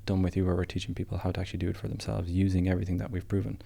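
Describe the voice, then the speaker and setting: A man's voice: low-pitched, level tone, rapid-fire, gravelly, dark tone. A man who is a guest on a casual podcast, recounting his business setbacks in a plain, matter-of-fact way.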